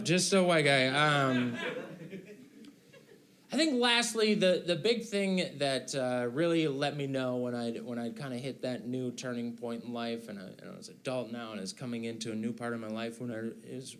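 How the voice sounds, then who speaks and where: A man's voice: mid-range voice, fairly bright tone. A man in his thirties doing a stand-up set, telling a rambling, self-mocking story and acting out the voices he quotes. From Maine, USA. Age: 30s. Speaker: stand-up comedian. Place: comedy club stage before a live audience. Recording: echoey live room with crowd laughter. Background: audience laughter.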